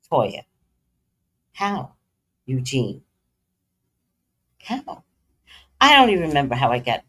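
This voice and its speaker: Deep husky new york woman, blunt and cussing, super lively up and down. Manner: blunt, profane, animated storytelling. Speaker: vlogger. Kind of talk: casual storytelling commentary.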